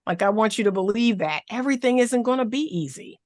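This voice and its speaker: A woman therapist talks as a podcast guest with lively emphasis, driving her points home by repeating key phrases. Her voice sits at an ordinary middle pitch. The sound is dry and close, with no room echo. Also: fairly quick, hardly any pauses. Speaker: therapist and relationship coach.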